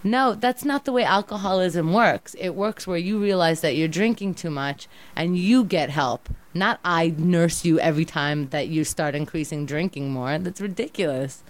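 A woman arguing with her boyfriend in a heated back-and-forth, exasperated and sometimes mocking. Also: fairly low pitch. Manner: exasperated, rapid-fire, mocking impressions. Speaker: girlfriend in a couple's argument. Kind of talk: heated couple argument.

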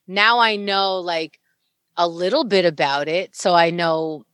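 Woman, podcast co-host, lowish voice, animated comic delivery, close dry mic. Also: measured pace, clean tone, no room sound. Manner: animated, swears freely, acts out quotes. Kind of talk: casual comedic chat.

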